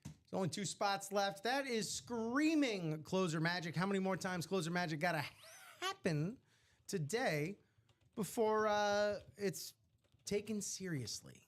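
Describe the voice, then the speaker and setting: A man hosting a live sports memorabilia break stream, chatting casually with slangy, animated asides. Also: high voice, measured pace.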